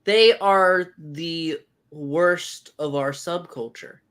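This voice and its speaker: A woman's voice: deep voice, very slow. A woman co-hosting a casual TV review show, blunt and scolding toward critics. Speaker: co-host of a show reviewing comics and TV.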